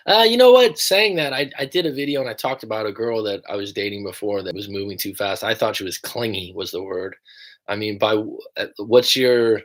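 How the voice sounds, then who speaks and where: A man's voice: lowish voice, a little fast, fairly bright tone. A young American man who coaches people through breakups, chatting casually and rambling on a livestream, swearing now and then. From United States.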